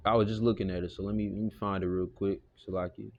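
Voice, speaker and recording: A man's voice: low-pitched, little pitch movement, fast talker, muffled recording. A man teaching a casual Bible lesson, talking loosely and conversationally with lots of "you know" and the odd curse.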